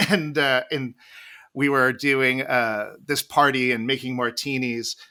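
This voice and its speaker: A man's voice: medium pitch, fairly even intonation, takes it slowly, bright, forceful tone, smooth. A man guest on a podcast, telling long, rambling stories with many restarts and laughs. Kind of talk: casual storytelling interview.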